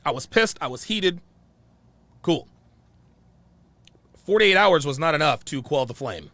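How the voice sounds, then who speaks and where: A man's voice: fairly high pitch, animated, a little slow, long pauses, sharp tone, dry recording. A man hosting his channel, telling a story in a heated, profane way and repeating himself often. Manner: profane, repetitive, worked-up. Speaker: channel host.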